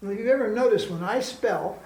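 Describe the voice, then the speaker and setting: In an ashram classroom, a man leads an informal spiritual class, joking, laughing often, and imitating people chanting. His high voice is brisk, creaky, and a little mellow, and the echoey room carries faint background ambience.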